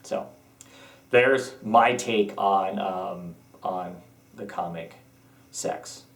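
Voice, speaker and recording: A man with a lowish voice talks loosely, filling gaps with hesitations and circling back on his own sentences. He sits a little back from the microphone, so his voice carries some distance. The room around him rings with echo. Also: drawn-out words, vocal fry, fairly bright tone. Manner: rambling, hesitant with many ums and restarts. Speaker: comic book reviewer. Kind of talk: casual spoken review.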